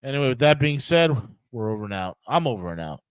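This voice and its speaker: A man's voice: medium pitch, very animated, quick pace, clean tone, no echo, low-quality recording. Profane, furious male political ranter. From United States. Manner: angry, profane, emphatic ranting with many restarts. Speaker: podcast host. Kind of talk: solo political rant.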